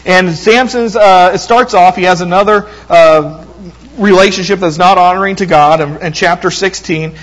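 A man with a notably high voice preaching a sermon. He retells a scripture story with animated quoted lines and often restarts his words. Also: normal speed, rough recording.

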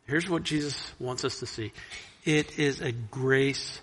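A man preaching a sermon, earnest, reading scripture loudly and dropping soft to reflect. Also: mid-range voice, normal speed. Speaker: pastor.

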